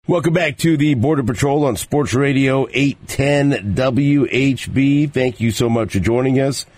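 A man's voice: medium pitch, a little mellow. A male sports radio host in casual on-air talk, often stumbling and repeating words as he goes.

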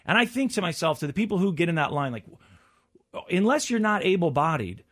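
Man in his 40s, casual chat, lively storyteller, slightly high voice. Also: a little fast. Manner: animated storyteller acting out quotes.

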